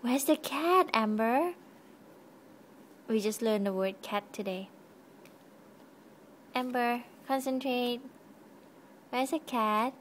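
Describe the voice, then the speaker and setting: A woman's voice: a little high, slow pace, pauses often, a little hiss or hum. A young woman reading a picture book to her baby at home, asking patient, coaxing questions in a sing-song voice. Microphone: handheld camera.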